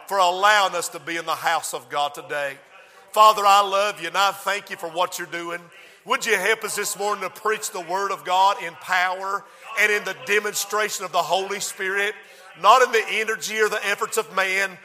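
Man, fervent sermon, high voice, bright and forceful, long hall reverb. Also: steady tone, normal speed. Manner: fervent preaching, swelling to shouts. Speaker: pastor. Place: church.

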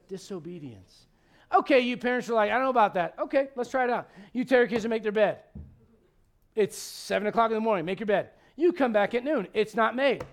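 High-voiced pastor preaching with loud emphasis. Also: male voice, normal speed. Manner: conversational preaching, swings between loud emphasis and quiet asides; humorous, asks the congregation questions. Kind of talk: sermon.

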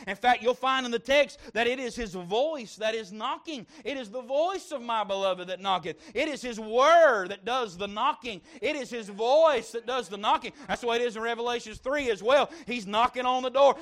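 A man preaching a sermon, moving between loud fervent stretches and soft hushed asides. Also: very high voice. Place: church service.

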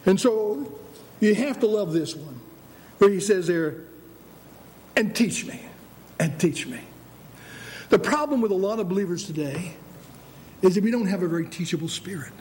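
A man preaching a sermon as pastor, animated, acting out the voices of God and believers. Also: sits high, fairly quick.

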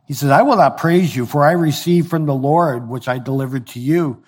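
Male pastor, sermon delivery, relaxed conversational teaching voice, a touch high. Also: normal speed. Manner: conversational, explains with everyday examples and reads scripture aloud.

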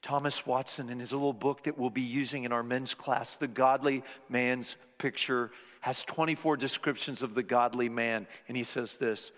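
A man preaching a sermon as pastor, swinging between loud, emphatic passages and hushed whispers. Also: mid-range voice, steady tone, moderate pace, hardly any pauses. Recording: reverberant hall.

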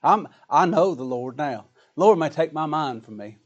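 A man's voice: on the high side, lively intonation, moderate pace, muffled recording. A man preaching a sermon in a folksy, dramatic style, with plain colloquial grammar and rising, emphatic lines.

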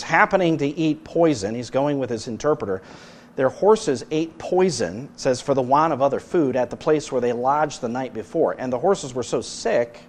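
A man preaching a sermon as pastor, earnest, his voice rising loud and then dropping soft. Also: mid-range voice.

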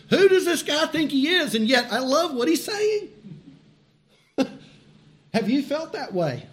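Preaching slowly in a high, bright, sing-song voice, a male pastor laughs along with his own points. He grows animated, then sinks to a hushed intensity and repeats phrases for emphasis.

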